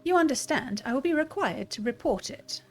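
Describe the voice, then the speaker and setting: A woman's voice: high voice, animated, normal speed, faint music behind, pitched above the performer's own voice. A woman reading a stiff, polite robot servant. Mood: formal. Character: formal, dutiful male robot servant. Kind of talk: reading game dialogue aloud.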